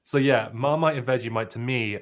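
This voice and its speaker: A man's voice: medium pitch, a little fast. A man in his twenties with a British accent and a slight Australian twang, chatting casually as a guest and laughing easily. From United Kingdom. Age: 20s. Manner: chatty, laughing, many restarts. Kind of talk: casual video chat.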